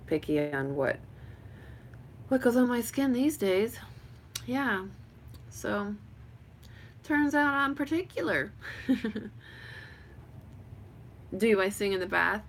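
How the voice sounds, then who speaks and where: A woman's voice: mid-range voice, pushed and bright, slight background noise. A woman from New Mexico chatting casually on a livestream, rambling through viewer questions with lots of fillers and frequent laughs. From Hobbs, New Mexico. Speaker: vlogger. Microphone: webcam or phone livestream.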